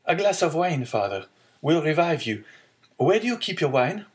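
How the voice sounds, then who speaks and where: Man voicing an eager young sailor, raised high. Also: big pitch swings, normal speed. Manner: earnest, pleading. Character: young male sailor, eager and devoted son. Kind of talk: audiobook character reading.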